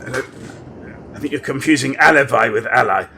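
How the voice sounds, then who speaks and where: A man bantering in a deadpan, mock-indignant way, stammering and repeating words. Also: mid-range voice, fairly quick, very noisy. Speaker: comedy podcast co-host. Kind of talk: casual comedic banter.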